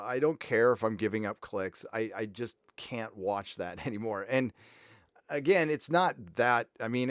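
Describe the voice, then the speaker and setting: A man's voice: medium pitch, clean tone, no echo, clean studio sound. Casual man hosting a live stream. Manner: rambling, reads donor messages aloud.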